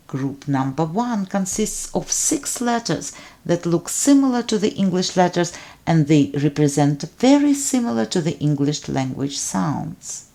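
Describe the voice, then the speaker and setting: A woman teaching alphabet pronunciation, speaking deliberately and enunciating each sound so it can be repeated. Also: lowish voice, mellow. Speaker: language teacher. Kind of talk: slow instructional narration.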